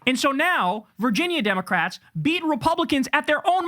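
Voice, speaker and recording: A man's voice: extremely high pitch, big pitch swings, moderate pace, bright, forceful tone. Heated, profane man ranting. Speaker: political commentator. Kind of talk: ranting commentary.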